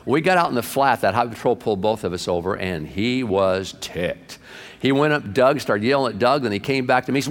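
Folksy middle-aged pastor in a reverberant hall. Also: male voice, mid-range voice, lively intonation, quick pace. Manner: folksy, chatty, peppered with "man". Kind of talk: storytelling sermon.

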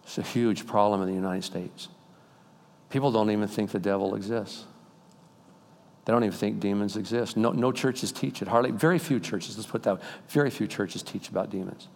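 A man's voice: lowish voice, a little fast, vocal fry. Older male pastor preaching in a reverberant hall. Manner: swings between loud emphatic peaks and quiet, intimate asides. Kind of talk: sermon. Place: church sanctuary. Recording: long reverb in a large hall.

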